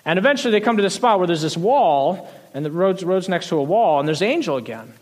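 A man preaching a sermon, retelling a Bible story in a lively, conversational way, often restarting phrases and letting sentences trail off softly. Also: sits high, quick pace. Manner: animated storytelling, frequent restarts, soft trailing endings. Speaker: pastor.

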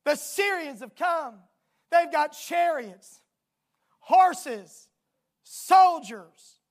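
A preacher voicing a frightened male servant who pleads with his master, speaking high and frantic. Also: lively intonation, drawn-out words, heavily acted. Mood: panicked. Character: panicked male servant of a prophet.

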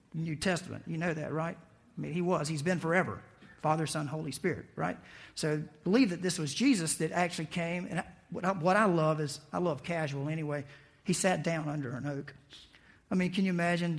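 High-voiced man preaching casually. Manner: conversational, animated, acts out quoted voices. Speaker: pastor. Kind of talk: sermon.

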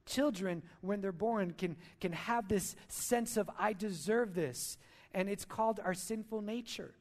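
A man's voice: high voice, steady tone, unhurried. A male pastor preaching a sermon at a church service, emphatic, repeating key lines and asking rhetorical questions.

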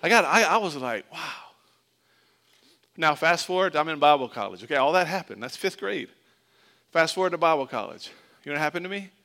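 In a quick, sing-song voice that sits on the high side, gravelly, pushed and bright, a middle-aged pastor from Florida preaches. His sermon is casual and jokey, blending scripture with a childhood story of his own.

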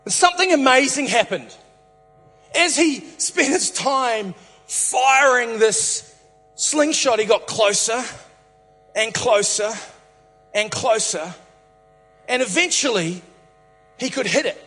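A man preaching, retelling a story in a playful, animated way with many restarts. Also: very high voice, slow pace, long pauses. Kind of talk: humorous sermon storytelling. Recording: reverberant hall, faint music.

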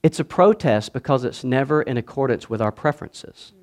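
Preaching to his congregation, a pastor shifts from booming declarations to hushed asides and calls on the people to answer back. His medium-pitched voice is expressive and runs a little fast.

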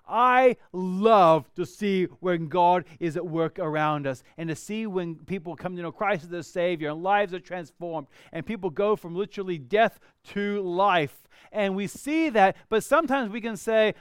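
A male pastor delivers a sermon in a high, ringing voice that stays smooth and clear. He reads scripture with emphatic rises and lively bursts. The sound is dry and close, with no room echo. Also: a little slow, hardly any pauses. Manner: expressive preaching, rising to emphatic bursts when reading scripture.

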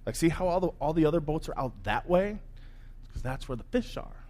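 Man doing a blunt fisherman, exasperated and casual, fairly high. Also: sing-song, fairly quick, darkish tone. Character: skeptical grown male fisherman, blunt.

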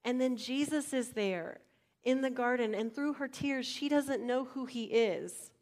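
Woman preacher, fairly high voice, conversational sermon with sudden drops to a hush. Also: unhurried. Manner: swings between loud emphasis and hushed near-whispers; conversational, asks the audience direct questions.

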